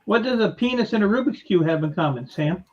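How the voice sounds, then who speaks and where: A man chatting on a stream, trading deadpan one-liner jokes. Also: high voice, fast, muffled recording. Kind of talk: casual chat, telling jokes.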